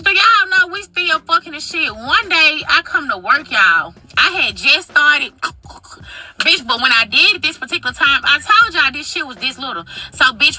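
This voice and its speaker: A woman in her twenties telling a casual storytime, profane, dramatic and animated. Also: high-pitched, poor audio. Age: 20s.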